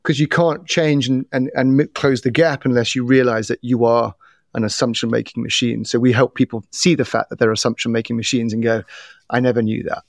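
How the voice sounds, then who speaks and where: A middle-aged man, a guest on a podcast, explaining how people's biases work in an animated way, telling stories and often restarting his sentences. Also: medium pitch, fairly quick, no echo, clean studio sound. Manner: animated storyteller with repeated restarts. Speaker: podcast guest, bias trainer. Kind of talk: casual interview talk.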